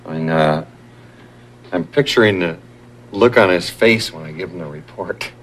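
An actor playing a male police sergeant under hypnosis, recalling a stakeout in a halting way with many pauses. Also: low voice, a little hiss or hum, close to an everyday voice. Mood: dazed, recalling. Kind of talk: sitcom acting.

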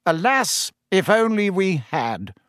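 A man's voice: fairly high pitch, sing-song, unhurried, a bit bright, no room sound, studio quality, voice pushed up. A man voicing a self-important middle-aged official, earnest and pompous in manner. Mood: grave.

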